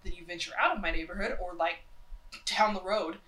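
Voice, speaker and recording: A woman's voice: on the low side, brisk, bright, forceful tone, reverberant, poor audio. A young woman from North Carolina co-hosting a casual talk show, rambling and chatty with lots of fillers, her voice nasal from a cold. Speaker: podcast co-host. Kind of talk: casual opinionated chat.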